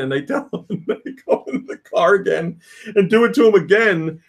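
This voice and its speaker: A man's voice: sits high, lively intonation, normal speed, gravelly. A man hosting a casual podcast, reading out news and telling stories with frequent laughs. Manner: reads out quotes and news, laughs often. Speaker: podcast host.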